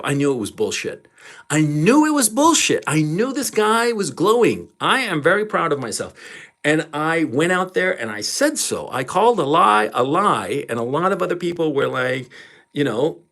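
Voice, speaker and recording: A man's voice: medium pitch, fairly bright tone. A man giving a ranting commentary vlog in a profane, emphatic way, hammering his points again and again.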